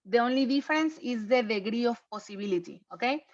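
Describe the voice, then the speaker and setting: A woman teaching English over a video call, her plain as she walks students through grammar. Her voice sits a little high, and she keeps checking in with a patient "okay?". The sound is dull and lo-fi, like a muffled online class. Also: expressive, fast talker. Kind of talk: online class review lesson.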